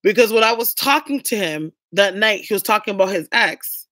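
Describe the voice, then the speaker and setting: A woman's voice: mid-range voice, expressive, a little fast, sharp tone, no echo, studio quality. A young woman vlogging, telling a story to her viewers in a blunt, chatty way and swearing freely.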